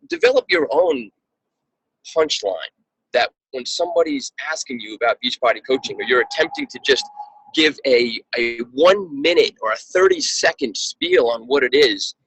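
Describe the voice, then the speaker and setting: A man's voice: mid-range voice, fairly bright tone, husky, no echo, rough recording. A man coaching a team member over a call, talking earnestly and often repeating words as he restarts his sentences.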